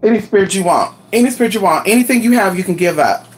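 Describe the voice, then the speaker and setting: A woman's voice: mid-range voice, expressive, fast talker, slight background noise. A woman chatting casually with her viewers, sassy and exclamatory, and she swears freely. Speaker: vlogger. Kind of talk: casual live chat to viewers.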